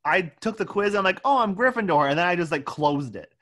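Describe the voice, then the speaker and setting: A podcast co-host talks at length in casual chat, walking through scenes and often restarting sentences. The voice sits at an ordinary middle pitch. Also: expressive, brisk, fairly bright tone. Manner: talkative, recaps scenes, frequent restarts.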